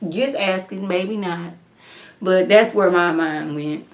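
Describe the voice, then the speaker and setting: A woman's voice: takes it slowly, roomy sound. A woman giving a casual, rambling spoken review of a TV episode from home, full of "like" fillers and incredulous asides. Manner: chatty, rambling, with frequent "like" fillers; animated, with pitch jumps for incredulous reactions.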